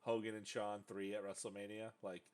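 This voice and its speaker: A man's voice: fairly low pitch, little pitch movement, a little fast, clean tone. A man hosting a casual podcast, bantering loosely with jokes, swearing and mocking impressions. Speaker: podcast host.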